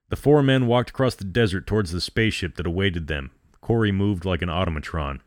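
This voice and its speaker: A man reading a dramatic story aloud as host, in a measured, dramatic way. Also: low-pitched, dry recording, clean studio sound.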